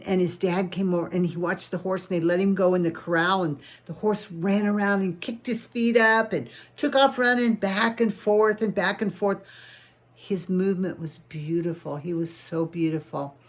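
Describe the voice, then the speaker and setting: Woman storyteller, lower voice, folksy children's-story telling with natural restarts. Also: fairly even intonation, normal speed.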